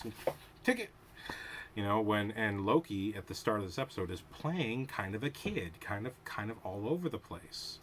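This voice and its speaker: Slight background noise accompanies a man's lowish voice as he hosts his own show and casually analyzes a TV episode. He rambles discursively, going off on tangents and restarting as he thinks aloud.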